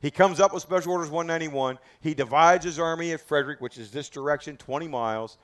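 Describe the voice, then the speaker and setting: A battlefield tour guide, a man with a slightly high, somewhat bright voice, leads a group outdoors at a historic site at a quick pace. His history talk is dramatic and emphatic, and he keeps throwing rhetorical questions at his listeners.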